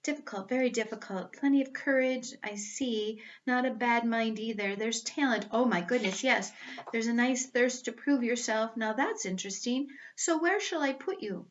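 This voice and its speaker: A woman's voice: fairly high pitch, moderate pace, highs cut off, lightly acted. A woman reading aloud, voicing a sly old magic hat that muses and coaxes. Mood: musing. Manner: musing and coaxing.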